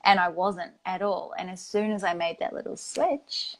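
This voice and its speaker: A woman's voice: fairly low pitch, normal speed, low-quality recording. A woman in casual conversation, telling a story from her own life and acting out what she said. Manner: animated storyteller who acts out her own past words.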